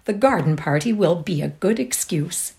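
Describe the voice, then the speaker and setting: Woman voicing a calm, well-bred mother, measured, storybook reading. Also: fairly low pitch, gravelly. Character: calm, genteel middle-aged mother.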